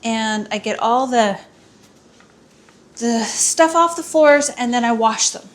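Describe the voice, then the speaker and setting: A woman's voice: fairly high pitch, takes it slowly. A woman vlogging at home as she cleans, chatting in a rambling, self-mocking way, with a camera mic. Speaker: vlogger, housewife. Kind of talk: casual chat while cleaning. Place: home, indoors and yard.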